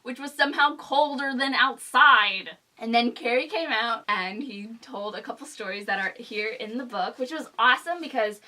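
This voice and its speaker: A woman's voice: fairly high pitch, normal speed, few pauses, pushed and bright. A young woman telling a storytime vlog with bubbly, gushing enthusiasm. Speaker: vlogger.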